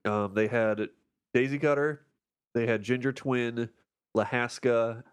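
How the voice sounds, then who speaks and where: A man's voice: mid-range voice, steady tone, unhurried, clear, resonant tone. A man in his twenties, casually telling a joking story as a podcast co-host. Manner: chatty storyteller, jokey. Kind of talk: casual chat.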